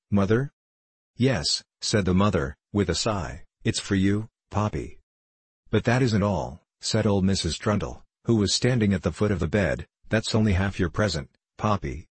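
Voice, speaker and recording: A man narrating an old-fashioned children's story in a measured, gentle way. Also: low voice, slightly rough, no room sound. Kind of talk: storybook reading.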